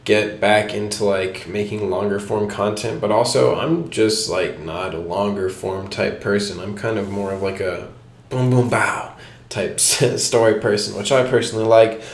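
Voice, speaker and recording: A man's voice: on the low side, fairly even intonation, normal speed. A young man casually telling a story to camera, rambling and filling his talk with "like", laughing at his own anecdotes, recorded on an old home microphone. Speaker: vlogger. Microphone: cheap old home microphone. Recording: echoey room, old microphone.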